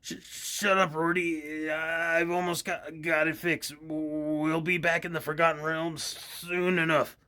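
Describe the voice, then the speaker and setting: A man voicing a cranky older male character who is gruff and slurring. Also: a little high, level tone, slow, few pauses, bright, forceful tone. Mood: irritated.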